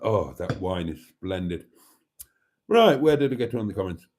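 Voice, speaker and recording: A man's voice: low-pitched, very animated, normal speed, darkish tone. A man hosting a casual livestream, chatting and reading out viewers' comments in a chatty, theatrical way that calls them darlings. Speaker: livestream host.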